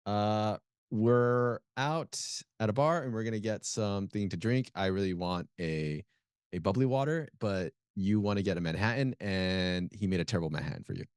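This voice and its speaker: A man with a very low voice chats easily as a podcast co-host. He talks in a relaxed, hesitant way, full of fillers and restarts. The sound is close and dry. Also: moderate pace, smooth, no room sound. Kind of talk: casual chat.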